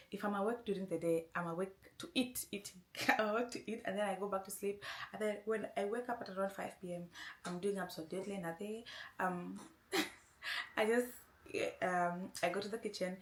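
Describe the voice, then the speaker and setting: A woman's voice: mid-range voice, brisk. A woman vlogger casually telling a long personal story, rambling and often saying "anyway". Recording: roomy echo.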